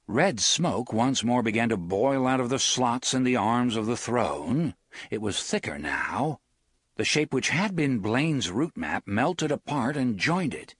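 A man narrating an audiobook in an expressive, theatrical reading. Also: medium pitch, measured pace, breathy edge, dry recording, studio quality. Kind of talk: scripted narration.

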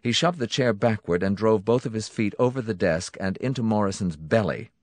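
A man's voice: lowish voice, brisk, a little mellow, dry recording. A man narrating an audiobook in a dramatic, tense manner.

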